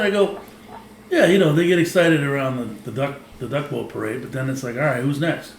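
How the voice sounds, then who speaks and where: A man's voice: mid-range voice, animated, quick pace, creaky. Easygoing man as podcast co-host, with roomy echo and faint background noise. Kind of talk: casual sports chat. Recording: echoey room with faint ambient noise.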